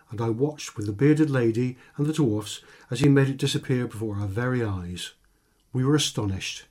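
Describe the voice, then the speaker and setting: Husky man reading a comic story. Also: medium pitch, dark tone. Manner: dry, wry first-person narration. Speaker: author and reader. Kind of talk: scripted comic storytelling for radio.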